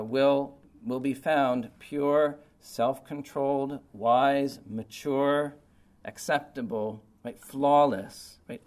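A man's voice: mid-range voice, darkish tone. A man preaching a sermon in an informal, conversational way, often checking in with "okay" and "right". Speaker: pastor.

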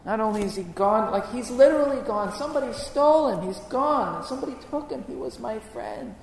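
A man's voice: very high voice, animated, a little fast, gravelly, slight background noise, voice pushed up, full character voice. A man preaching in the voice of a grieving, devoted woman disciple, speaking emotionally in the first person. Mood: anguished. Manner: emotional first-person retelling, rising to anguished pleading. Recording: echoey hall with long reverb.

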